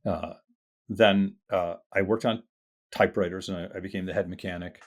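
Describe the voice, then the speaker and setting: An older man with a very deep, low voice, guesting on an interview show. He tells his story loosely and animatedly, slipping into the voices of the people he meets, with the odd casual curse. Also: normal speed. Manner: animated storyteller acting out quoted dialogue; casual with mild swearing.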